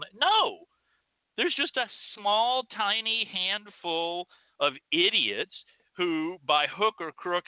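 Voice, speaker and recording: A man's voice: on the high side, no echo. A male show host ranting sarcastically, with frequent swearing. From Texas. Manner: profane, sarcastic, animated. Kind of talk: ranting monologue. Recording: tinny phone-like sound.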